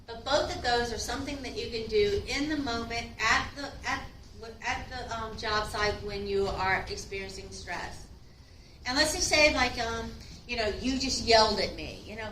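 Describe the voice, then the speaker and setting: Woman instructor, bright tone, casual classroom lecture with acted quotes, recorded a bit far off in a roomy space. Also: fairly high pitch, moderate pace, slight background noise. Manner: chatty, acts out short quotes.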